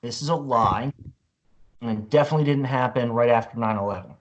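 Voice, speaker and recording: A man's voice: mid-range voice, a little fast, dull audio. A man in his forties, a guest musician, telling a story in a casual, profane way full of "like" and "you know.".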